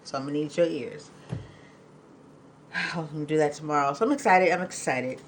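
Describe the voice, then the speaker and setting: A woman hosting a live podcast in casual chat, emotional and quick to laugh, talking in a loose, rambling way. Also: sits low, steady tone, a little hiss or hum, rough recording. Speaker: podcast host.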